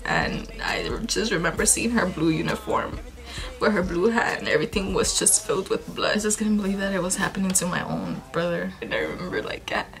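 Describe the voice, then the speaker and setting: A woman in a vlog, recounting a personal loss in a halting, emotional way, full of fillers and restarts. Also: mid-range voice, a bit bright, rough recording. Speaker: vlogger. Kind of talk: personal storytelling.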